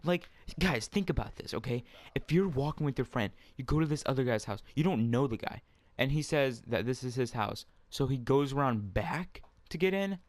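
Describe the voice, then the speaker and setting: A man's voice: medium pitch, lively intonation, normal speed, no echo. A young man casually telling a rambling story, full of fillers and swearing, while playing a game at home. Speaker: storyteller vlogger.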